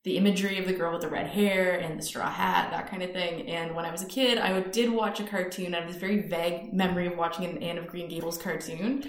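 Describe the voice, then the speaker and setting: A woman's voice: fairly low pitch, fairly even intonation, quick pace, few pauses, roomy sound. A Canadian woman co-hosting a podcast, talking casually and a bit self-deprecating. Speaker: podcast co-host.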